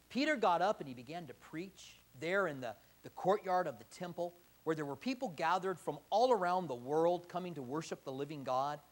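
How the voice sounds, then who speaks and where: Guy preaching a sermon, high voice, really animated, acts out the prayers. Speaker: pastor.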